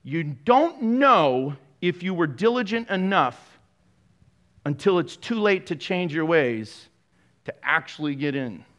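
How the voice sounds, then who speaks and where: A male pastor preaching with a high, bright voice that swings all over the place. He jokes and laughs often and keeps tossing sarcastic asides to his congregation. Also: slow. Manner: animated, joking, laughs often. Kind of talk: sermon.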